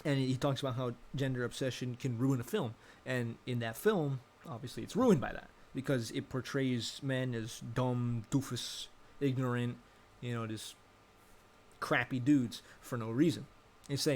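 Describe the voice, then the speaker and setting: A man's voice: mid-range voice, normal speed, darkish tone. A young adult man giving casual, rambling commentary, thinking aloud and correcting himself as he goes. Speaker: vlogger.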